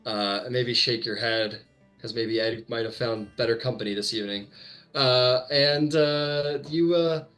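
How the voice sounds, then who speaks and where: A man's voice: mid-range voice, a little slow, fairly bright tone, soft background music. A man narrating as game master of a tabletop game, loose and full of fillers.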